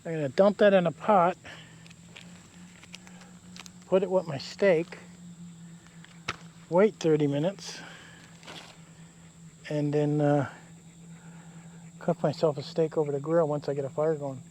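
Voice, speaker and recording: A man with a somewhat high voice talks to the camera in a relaxed, rambling way while camping in the woods. He speaks outdoors by a river, and faint insect noise and crickets are heard behind him. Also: a little slow, long pauses. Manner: easygoing, rambling, chatty. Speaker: outdoor vlogger. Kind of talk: casual camping vlog talk to camera.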